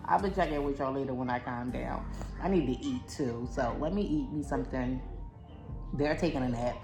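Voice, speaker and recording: A young woman talks straight to her camera at home, exasperated and close to tears. Her tone is casual and venting, and she keeps calling her viewers "y'all." Soft music plays faintly underneath. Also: very deep voice, normal speed. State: upset, near tears. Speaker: vlogger, mother. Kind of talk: casual vlog talk to camera. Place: home, indoors.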